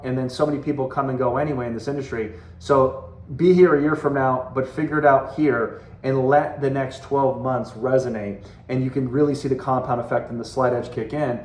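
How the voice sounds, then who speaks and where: A man's voice: medium pitch, steady tone, a little fast. A man in his forties giving a motivational talk as a sales team leader, earnest and conversational, repeating phrases for emphasis. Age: 40s. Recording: roomy echo.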